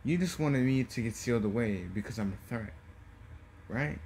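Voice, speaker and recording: A man voicing an arrogant, menacing young male ninja in a casually told fan story, with slow, taunting, drawn-out threats. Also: mid-range voice, a little mellow, a little hiss or hum, natural voice.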